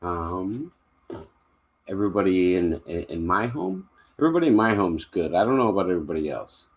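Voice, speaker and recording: A young man from Kentucky hosting a casual live stream from home, chatting loosely with plenty of fillers and quick laughs. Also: low-pitched, sing-song, husky, lo-fi sound. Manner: easygoing, rambling with frequent fillers and laughs. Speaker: livestream host.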